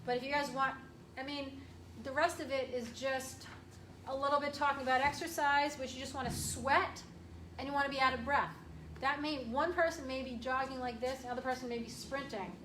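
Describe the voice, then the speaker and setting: A woman chiropractor giving a casual, emphatic health workshop talk to an audience, clearing her throat often. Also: high voice, steady tone, a little fast, a bit bright. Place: room with an audience. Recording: echoey room from far off, faint hiss.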